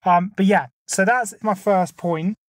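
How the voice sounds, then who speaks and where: A man's voice: high voice, measured pace, no echo, studio quality. A man, a podcast co-host, chatting casually and building an argument point by point. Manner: argumentative, lays out numbered points. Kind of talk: casual chat.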